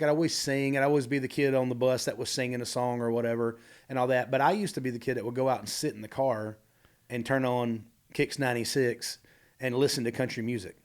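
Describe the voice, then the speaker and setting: Man, podcast guest, quick delivery, mid-pitched voice, rambling animated storytelling. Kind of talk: candid storytelling conversation.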